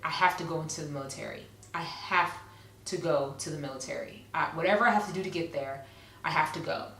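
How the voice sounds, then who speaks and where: A woman's voice: deep voice, fast talker, a bit bright, a little hiss or hum. A woman in her thirties telling a personal story in a casual, conversational way, full of fillers and repeated phrases. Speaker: vlogger. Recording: echoey room, a bit far from the mic.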